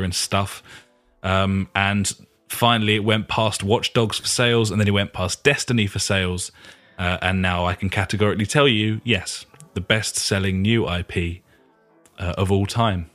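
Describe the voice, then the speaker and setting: Lowish-voiced man, podcast co-host, dry sarcastic banter, faint music under. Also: steady tone, moderate pace, a bit bright. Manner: dry, sarcastic, swears casually, calls co-host buddy. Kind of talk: casual gaming news chat.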